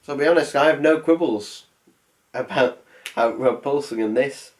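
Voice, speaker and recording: A man's voice: mid-range voice, normal speed. A man voicing a sarcastic, rambling film review. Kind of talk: comedic film review voice-over.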